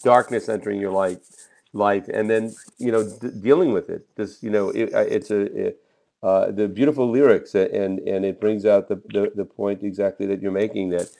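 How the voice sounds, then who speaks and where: A low-pitched man hosts the interview, his voice rough with fry. He speaks in a hesitant, halting way while he builds up to each question. He sounds conversational and does not read from a script. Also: fairly even intonation, warm tone. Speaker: interview host.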